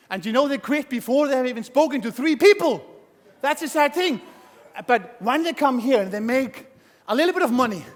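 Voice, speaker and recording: Long reverb fills this recording of a motivational stage talk in a large conference hall. The high-voiced male speaker is energetic, shouting to rouse the audience and acting out voices.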